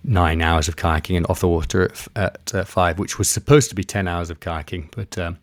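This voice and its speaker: Man, very low voice, dry close sound, rambling interview guest, lots of uhs and likes. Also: brisk, no echo. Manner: relaxed, rambling with many fillers and restarts. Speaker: guest, expedition kayaker. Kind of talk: casual interview storytelling.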